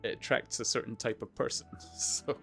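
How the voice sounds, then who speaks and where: A man's voice: medium pitch, steady tone, moderate pace, vocal fry, sharp tone, husky, soft background music. A man hosting a live stream, chatting casually in a rambling way with lots of fillers and chuckles. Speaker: streamer host.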